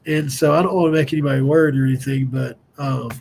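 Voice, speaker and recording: A middle-aged man talks through a loose, digressive live-stream chat. His fairly high voice has a gravelly edge. He is candid and self-deprecating. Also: fairly quick, darkish tone, slight background noise. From West Virginia. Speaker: host of a fan show.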